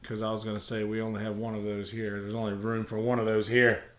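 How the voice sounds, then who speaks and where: A man's voice: on the low side, monotone, quick pace. A man hosting a casual livestream chat, joking and rambling with lots of fillers. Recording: roomy echo.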